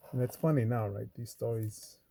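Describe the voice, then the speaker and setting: A man's voice: mid-range voice, fairly even intonation, normal speed, creaky, dark tone, slight background noise. A man talking in a loose, meandering way while sorting coins, with lots of fillers and cursing. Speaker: coin roll hunter. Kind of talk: casual rambling vlog talk.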